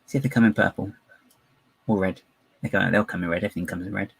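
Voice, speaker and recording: A man's voice: deep voice, fast, vocal fry, slightly rough, dry recording, rough recording. A man chatting live while building, rambling, giggly and self-mocking. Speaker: live-streaming LEGO builder.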